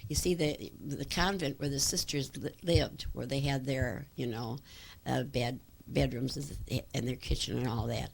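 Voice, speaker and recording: A woman's voice: extremely low pitch, fairly even intonation, a little slow, gravelly, a little hiss or hum. An older woman telling stories from her childhood in an oral history interview, rambling with fillers and restarts.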